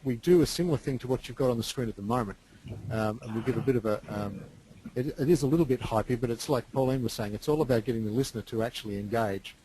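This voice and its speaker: A man taking part in a webinar discussion, explaining in a measured way. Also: medium pitch, mellow, a little hiss or hum, low-quality recording. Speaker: webinar participant.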